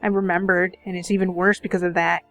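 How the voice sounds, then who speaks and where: A woman's voice: flat delivery, quick pace, fairly bright tone, faint music behind. A woman reading a bitter young man stuck in a loop. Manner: bitter, resentful, low-key. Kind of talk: reading a visual novel aloud.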